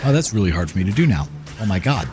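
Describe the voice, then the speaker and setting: A man hosting a gaming channel, chatting in a relaxed, rambling way as he comments over gameplay. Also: lowish voice, rapid-fire. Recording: game music playing behind. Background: game music.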